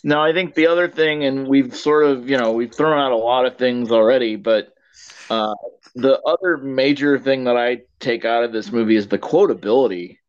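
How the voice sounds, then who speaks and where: A man co-hosting a casual movie review podcast, speaking in a relaxed, measured way. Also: mid-range voice, clean tone, lo-fi sound. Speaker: podcast co-host. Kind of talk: casual film review chat.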